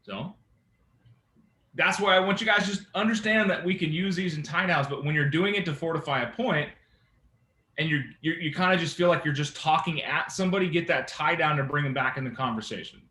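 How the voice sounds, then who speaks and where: A man coaching a sales team, his voice bright and a touch high. He talks in an animated way and keeps asking the room for agreement. The sound bounces around an echoey meeting room. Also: a little fast. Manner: animated, engaging, asks the room often. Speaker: real estate sales trainer. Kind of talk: sales training talk to a team.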